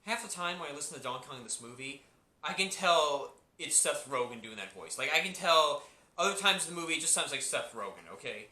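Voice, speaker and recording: A man talks through a movie review in a loose, rambling way, circling back to the same points and restarting his sentences. His voice is strikingly bright and a little high. The room around him adds a clear echo. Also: animated, a little fast. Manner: rambling, repeats himself, many restarts and fillers. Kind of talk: casual spoken review.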